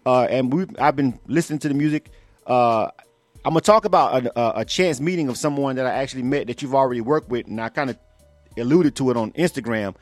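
A man's voice: mid-range voice, quick pace, no echo, faint music behind. A man hosting a live radio interview, talking loosely with many fillers and repeats. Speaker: radio show host. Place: based in Atlanta.

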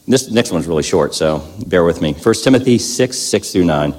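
A man's voice: deep voice, lively intonation, normal speed, hardly any pauses, darkish tone. A man telling his story to a gathered audience in a candid, self-deprecating way, then reading scripture aloud. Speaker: speaker at a gathering. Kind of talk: personal testimony talk with scripture reading.

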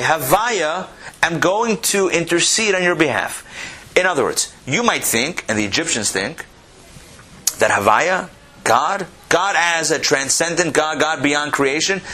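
Animated man teaching a text class. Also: fairly high pitch. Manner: animated, repeats phrases, asks the class questions. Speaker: Torah teacher.

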